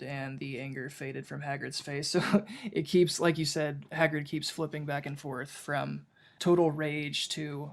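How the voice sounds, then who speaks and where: Co-hosting a casual podcast book discussion, a man rambles, reads passages aloud, and often restarts his sentences. His voice is fairly high, gravelly, unhurried, and flat in delivery.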